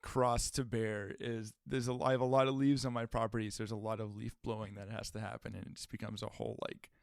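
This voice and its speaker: A man's voice: lowish voice, flat delivery, quick pace, creaky, dry recording, studio quality. A man co-hosting a comedy podcast, chatting casually and joking, often laughing. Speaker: podcast co-host.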